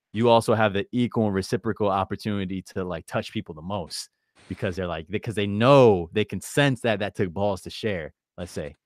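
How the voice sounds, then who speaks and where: A man's voice: on the low side, no echo, clean studio sound. A man coaching on brand and content in a laid-back, encouraging way, calling the other person "bro" and "man". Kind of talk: casual coaching conversation.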